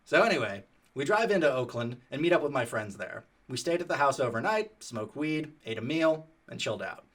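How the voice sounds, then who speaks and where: A man narrating a story in a casual, animated, profane conversational way. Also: mid-range voice, brisk.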